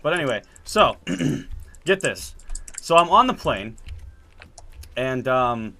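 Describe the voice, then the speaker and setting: A man telling a story in casual chat while playing a game, animated and laughing as he acts out quotes. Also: medium pitch, slow. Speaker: gaming video host. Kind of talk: casual storytelling over gameplay.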